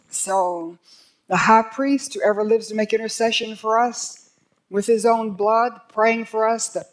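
An older woman teaching a sermon, earnest and growing emphatic when she reads scripture aloud. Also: medium pitch. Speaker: Bible teacher.

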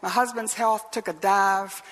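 An older woman preaches as a Bible teacher, telling stories earnestly and tossing in rhetorical questions. Her voice is husky and sits at a middle pitch for a woman. It rings out with a long reverb, as in a large hall. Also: fairly even intonation, measured pace. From Southeastern US. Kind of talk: sermon.

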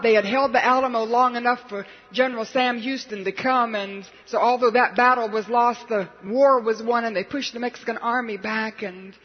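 High-voiced preacher telling a story. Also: male voice. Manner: dramatic storyteller, acts out quotes. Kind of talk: sermon storytelling. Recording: dull lo-fi hall recording.

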